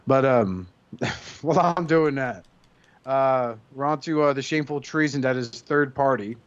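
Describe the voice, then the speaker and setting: A man's voice: mid-range voice, unhurried. A man co-hosting a casual podcast chat, rambling and swearing freely. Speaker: podcast host. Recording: dull lo-fi sound.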